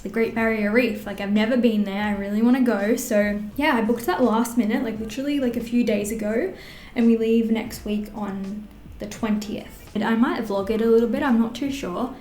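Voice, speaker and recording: A woman in her twenties with an Australian accent, chatting in a rambling, animated way through a get-ready-with-me beauty vlog. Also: medium pitch, slight background noise. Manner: rambling and animated, many fillers. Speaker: beauty vlogger. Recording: roomy echo.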